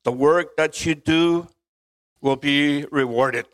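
A middle-aged man preaching a sermon, joking with the congregation and reading scripture aloud in a measured way. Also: a little high. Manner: joking, chuckles often, slow measured reading.

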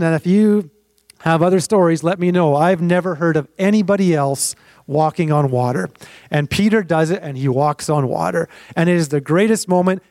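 Guy preaching a sermon like a story, kinda high voice, super dry close mic. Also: dry recording. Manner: lively, conversational, acts out voices in the story. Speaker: pastor.

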